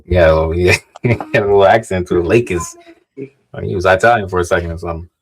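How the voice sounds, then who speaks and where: A man's voice: deep voice, fairly quick, husky. A man co-hosting a casual sports podcast, analytical, often restarting sentences and correcting himself politely. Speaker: podcast co-host.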